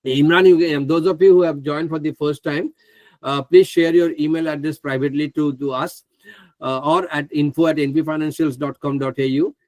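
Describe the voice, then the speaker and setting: A man presenting a live online trading class, chatty and excitable, who laughs often and stumbles over names. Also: on the high side, normal speed, no room sound. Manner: stumbles over names, asks others to pronounce them.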